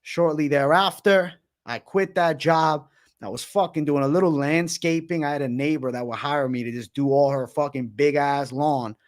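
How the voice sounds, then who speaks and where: A man's voice: fairly high pitch, moderate pace. A man in his twenties hosting a casual livestream, hyped and profane, heavy on slang. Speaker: livestream host.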